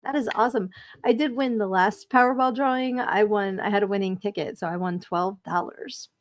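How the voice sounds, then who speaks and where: A woman's voice: medium pitch, brisk. A chatty woman hosts a live podcast stream, reading out viewer comments in a casual way. She laughs easily and keeps up a loose, friendly flow of talk. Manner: chatty, reads viewer comments aloud, giggly. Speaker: podcast host.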